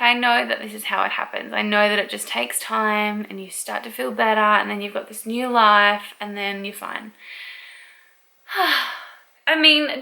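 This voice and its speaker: Bright-voiced, gravelly young woman. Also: fairly high pitch, poor audio. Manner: chatty and candid, with frequent fillers. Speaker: vlogger. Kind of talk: casual talk to camera. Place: at home.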